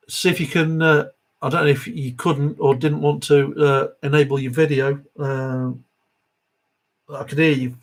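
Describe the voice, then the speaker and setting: A man's voice: on the high side, low-quality recording. A middle-aged man hosting a live Q&A stream, chatting casually and reading viewer comments aloud.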